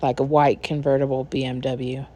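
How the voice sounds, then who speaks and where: A woman's voice: very deep voice, flat delivery, moderate pace, dark tone. A woman telling a true story in a candid, rambling, profane casual way.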